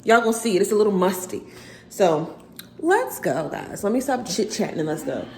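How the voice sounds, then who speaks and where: Out of breath and chatting directly to her audience, a pregnant young vlogger cleans her home bathroom on camera. Her mid-range voice swings widely in pitch at a normal speed, and the small room echoes with a faint hum of noise.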